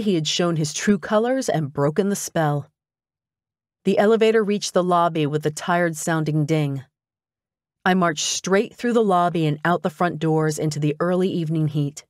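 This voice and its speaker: Low-voiced woman narrating an audiobook. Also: a little mellow, dry recording, studio quality. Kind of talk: first-person audiobook narration.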